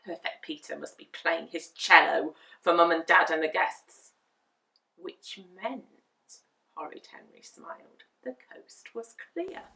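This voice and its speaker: A woman reading a children's book aloud in an expressive storytelling manner. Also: fairly low pitch, unhurried, gravelly. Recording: echoey room, mic at a distance.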